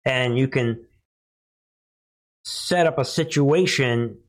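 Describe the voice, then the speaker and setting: Speaking slowly in a mid-range voice, this man runs a laid-back political commentary show. Headlines draw sarcasm, frequent laughter, and mocking put-on voices from him.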